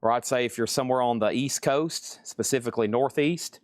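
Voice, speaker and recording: A man's voice: mid-range voice, fairly quick, smooth. A man hosting a live record sale, talking in a casual, rambling, chatty way. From Tennessee. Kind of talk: live sales stream.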